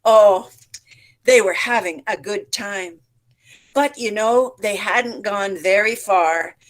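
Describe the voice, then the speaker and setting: A woman storyteller telling a folk tale to teachers in an online session, with lively animal sounds. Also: mid-range voice, slow pace. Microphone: online session mic.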